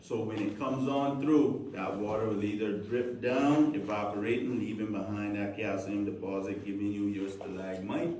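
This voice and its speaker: Caymanian male tour guide, joking and animated, outdoors, heard from a distance with faint noise. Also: on the low side, normal speed, few pauses. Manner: joking, lively and animated, with local slang.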